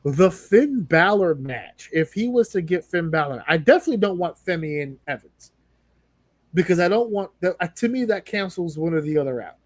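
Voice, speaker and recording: A man hosting a podcast, talking casually and animatedly about wrestling, profane and quick to act out what others said. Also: sits high, no room sound. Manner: animated, acts out quotes with big voice jumps. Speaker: podcast host.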